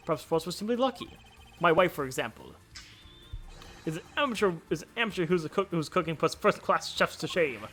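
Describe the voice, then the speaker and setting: A man performs an arrogant, condescending rival from a video game. His voice sits a little on the high side and he scoffs often. Faint game music plays behind him. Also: a bit bright, natural voice. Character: haughty arrogant male researcher rival. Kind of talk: reading game dialogue aloud.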